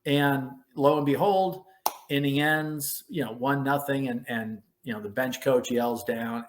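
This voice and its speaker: A man's voice: medium pitch, a little slow. A man in his fifties, a former ballplayer, telling a story as a podcast guest and acting out quotes with a raised voice. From United States. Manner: animated storyteller who acts out quotes in a raised voice. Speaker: former baseball player, guest.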